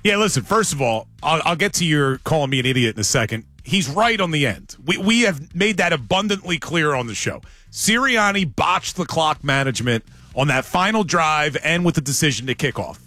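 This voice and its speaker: Animated bright-voiced sports radio host. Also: male voice, a little high, fairly quick, no room sound, faint music behind. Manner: emphatic, animated opinion.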